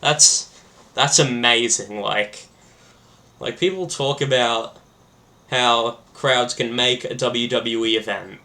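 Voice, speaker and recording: A man hosting a casual solo podcast, rambling excitedly with lots of filler words. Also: mid-range voice, slow. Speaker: podcast host.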